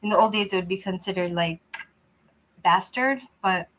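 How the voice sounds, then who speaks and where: Hosting a laid-back livestream, a woman chats with viewers at a moderate pace in a medium-pitched, slightly bright voice. The recording is low quality from her cheap, lousy microphone. She rambles loosely and chattily, frequently restarting.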